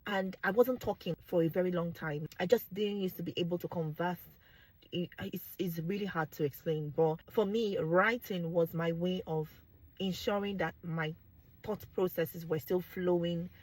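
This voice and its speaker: Young adult Nigerian woman, husky voice, frank and animated direct-to-camera talk. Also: lowish voice, normal speed, no room sound, low-quality recording. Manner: animated, exclaims and laughs, drops into pidgin. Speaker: vlogger.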